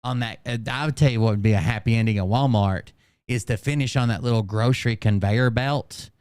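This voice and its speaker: A man's voice: medium pitch, brisk, darkish tone, clear, resonant tone, no echo. A man hosting a live stream, reacting to clips in a blunt, profane and sarcastic way. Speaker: channel host reacting to clips.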